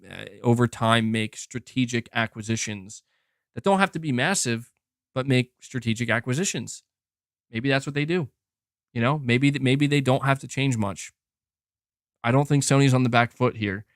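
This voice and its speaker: A man's voice: mid-range voice, a bit bright, clear, resonant tone, no room sound, studio quality. A young man hosting a gaming podcast, casually rambling in reply to chat comments with many restarts and "bro". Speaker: podcast host reading chat.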